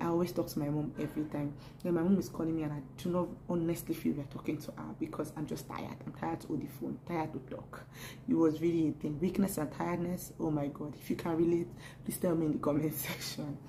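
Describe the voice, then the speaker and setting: Woman, casual vlog, chatty and animated, gravelly voice, low pitch. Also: slight background noise, poor audio. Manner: chatty, animated, laughs often, repeats words. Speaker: pregnancy vlogger. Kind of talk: casual talking-to-camera vlog.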